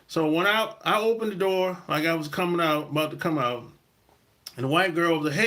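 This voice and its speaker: A middle-aged man holds forth in a loose, rambling podcast monologue, laughing and dropping slang as he goes. His voice sits a little high for a man and swings around a lot. The tone is bright and forward. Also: animated, moderate pace, long pauses. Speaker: podcast host. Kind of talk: casual monologue.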